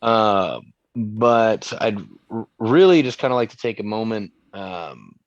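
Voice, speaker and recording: Man, podcast co-host, casual rambling chat, low voice, dry dull sound. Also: lively intonation, slow pace, dry recording. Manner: rambling, filler-heavy storytelling.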